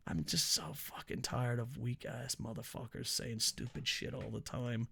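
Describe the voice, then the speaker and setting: A man's voice: mid-range voice, moderate pace, gravelly, few pauses, a bit bright, slightly rough. A man giving casual, profane, sarcastic commentary on wrestling news.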